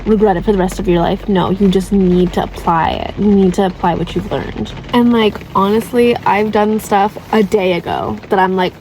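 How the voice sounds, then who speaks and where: A young woman in her twenties speaks to her viewers in a loose, confessional chat full of "like" and tag questions. Her pitch sits in an ordinary middle range. A faint noise runs under the recording. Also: steady tone, moderate pace, hardly any pauses, a little mellow, low-quality recording. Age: 20s. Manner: chatty, heavy use of "like" and "right?", candid. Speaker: vlogger. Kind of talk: casual confessional advice talk.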